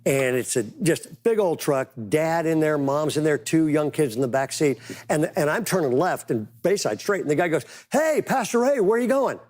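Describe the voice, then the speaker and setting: Casual pastor, slightly high voice. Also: male voice, moderate pace, darkish tone. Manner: casual, storytelling, emphatic asides. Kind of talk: conversational sermon.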